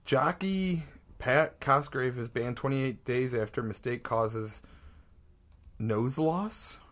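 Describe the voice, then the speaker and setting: A man's voice: medium pitch, takes it slowly. A man in his thirties from Ohio, co-hosting a casual chat and telling stories with lots of animation. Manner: animated storyteller, often laughing. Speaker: podcast co-host. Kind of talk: casual chat over beers.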